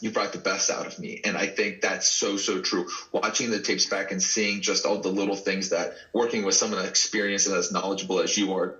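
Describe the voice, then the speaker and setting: A man from Dallas, Texas, with a fairly low voice and a forceful, bright edge, chatting as a wrestling guest. He tells stories animatedly, stumbling and restarting as he goes. The sound is dull and lo-fi. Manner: earnest, animated storyteller with repeated restarts. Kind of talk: casual interview chat.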